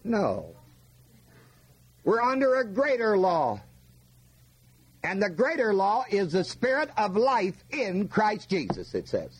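Husky, lively-voiced male preacher. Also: high-pitched, slow, pauses often. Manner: folksy, asks the audience questions, stresses words. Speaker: preacher teaching scripture. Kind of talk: sermon, Bible teaching.

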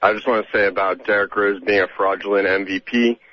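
Low-voiced, argumentative male caller. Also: steady tone, fast, no echo, lo-fi sound. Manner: argumentative, dismissive.

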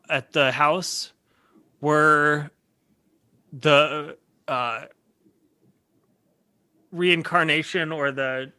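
A man chats about his students with a bright, fairly high voice. He tells stories animatedly, breaking into laughter and replaying his own reactions. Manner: animated storytelling, laughs often, restarts. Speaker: podcast co-host, college teacher. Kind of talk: casual chat.

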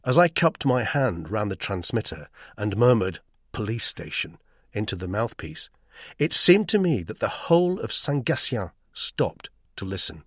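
A male narrator reading a thriller in the first person, with lively, rising and falling intonation. His voice is husky with some gravel, and it is recorded dry and close. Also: lowish voice, normal speed, dry recording. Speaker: audiobook narrator. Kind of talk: scripted narration.

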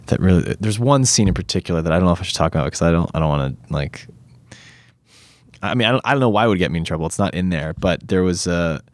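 Low-voiced man, animated storyteller. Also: fast, no echo. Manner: animated storytelling, many fillers, swears freely. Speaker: actor, interview guest. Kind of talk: casual interview talk.

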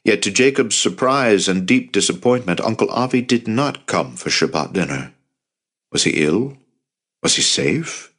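A man reading an audiobook in scripted narration, measured and grave. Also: fairly low pitch, lively intonation, fairly bright tone, breathy edge.

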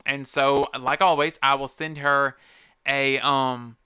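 Bright, crisp-voiced man ranting on a podcast. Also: medium pitch, level tone, slow pace, no room sound, studio quality. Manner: profane, rambling, emphatic. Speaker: podcast host. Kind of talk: casual ranting monologue. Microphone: close podcast mic.

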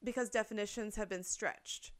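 Here the same kind of co-host speaks at medium pitch with a steady tone and moderate pace. She's chatty, talking her opinion through at length, dropping fillers and occasionally swearing.

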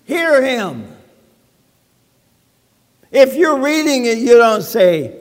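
A man's voice: extremely high pitch, big pitch swings, drawn-out words, pauses often, big-room sound. A man preaching a sermon as pastor, speaking conversationally and dropping quips and asides to the congregation.

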